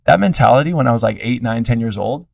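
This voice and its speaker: A man's voice: medium pitch, lively intonation, fast talker, vocal fry, no room sound, far from the mic. A man in his thirties, a pastor, telling stories in an earnest, reflective way in a casual conversation. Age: 30s.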